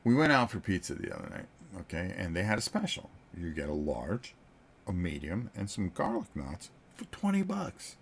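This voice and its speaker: A man's voice: low-pitched, big pitch swings, moderate pace, gravelly, a little hiss or hum. A man in his sixties, a board game channel host, telling a story to viewers in a casual, joking way and chuckling between sentences. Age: 60s.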